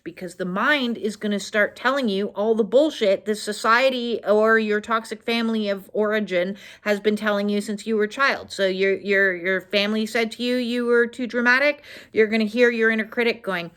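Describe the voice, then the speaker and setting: A woman's voice: fairly high pitch, normal speed, fairly bright tone. Earnest woman coaching on emotional healing. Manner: earnest and coaching, checks in with "okay?"; talks through inner dialogue, frequent "uh" fillers. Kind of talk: casual self-help teaching monologue.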